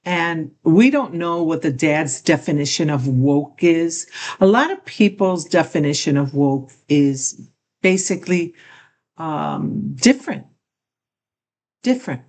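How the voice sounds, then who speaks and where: A woman's voice: low voice, expressive, slow pace, a little mellow. An older woman reacting to a clip, commenting in an indignant, critical way. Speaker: reaction video host. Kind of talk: casual commentary.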